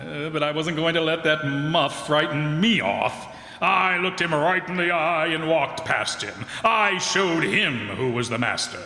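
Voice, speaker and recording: An actor playing a bumbling, boastful middle-aged banker turned farmer in a community radio play, blustery and quick to laugh. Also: male voice, a little high, animated, pushed and bright, exaggerated voice. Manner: blustery and jolly, laughs a lot. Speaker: lead character. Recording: roomy hall reverb.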